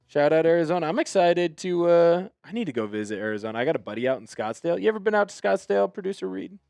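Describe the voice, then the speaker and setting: Hype guy hosting a live stream, high smooth voice, dry close mic. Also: sing-song, fast, dry recording, soft background music. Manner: upbeat, shouting out chat viewers. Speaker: host. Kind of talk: live sports stream chat.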